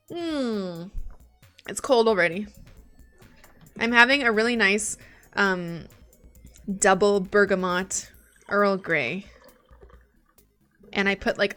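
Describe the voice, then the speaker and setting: Slow, chatty woman thinking aloud. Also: mid-range voice, sharp tone. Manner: chatty, thinks aloud, swears when frustrated. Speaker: live streamer learning German. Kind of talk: casual live-stream study session.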